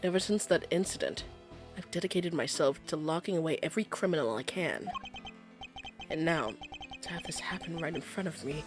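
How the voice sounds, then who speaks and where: A woman's voice: low-pitched, music in the background, voice pushed down, lightly acted. A woman doing a stiff, solemn male prosecutor. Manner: formal, measured, solemn. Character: stiff, formal male prosecutor, grave and proper. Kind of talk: reading game dialogue aloud.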